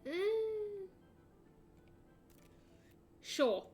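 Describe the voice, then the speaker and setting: An Australian woman streaming a game, chatting casually in an excitable, rambling way. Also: very high voice, extremely slow, faint music behind. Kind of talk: casual chat while gaming.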